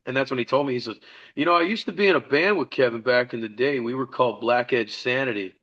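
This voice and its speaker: A man's voice: medium pitch, quick pace, muffled recording. A middle-aged man telling a rambling, profane story about his band and acting out the dialogue in a casual podcast interview. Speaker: podcast guest, musician.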